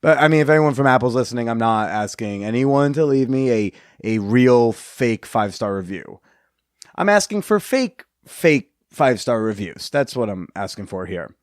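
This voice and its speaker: A man's voice: medium pitch, moderate pace, hardly any pauses, no room sound, studio quality. A man hosting a podcast, reading sponsor ads and joking in a rambling, sarcastic way. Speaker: podcast host. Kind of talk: casual podcast chat with ad reads.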